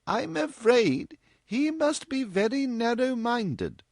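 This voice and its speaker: A man voicing a gentle, proper older mother who speaks slowly and earnestly. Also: high-pitched, very animated, creaky, no echo, studio quality, pitched above the performer's own voice, full character voice. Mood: gently reproving. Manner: slow, earnest, mildly reproving.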